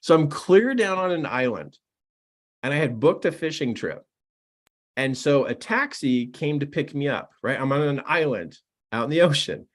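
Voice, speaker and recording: A middle-aged man, a personal development coach, telling stories and giving a motivational talk in an excitable, animated way. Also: on the high side, moderate pace. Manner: animated and excitable, laughs at his own stories. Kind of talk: storytelling to camera, motivational talk.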